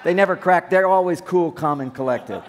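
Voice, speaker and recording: A man's voice: high-pitched, normal speed, a little hiss or hum. A man giving a humorous seminar talk on relationships, acting out little scenes as he goes. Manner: joking, acts out little scenes. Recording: long hall reverb.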